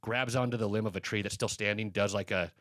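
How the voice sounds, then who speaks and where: A man's voice: on the low side, fairly even intonation, fast, a bit bright, no echo. A man from the US East Coast telling rambling, profanity-laced stories in casual podcast chat, full of fillers. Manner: rambling anecdotes, heavy swearing, many fillers.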